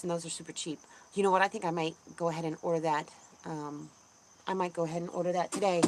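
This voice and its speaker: A woman hosting a casual livestream, chatting in a rambling way with lots of ums and restarts and greeting viewers brightly. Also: on the low side. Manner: bubbly, voice jumps up when greeting viewers. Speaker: homesteading channel host. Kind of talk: casual livestream chat, reading viewer comments.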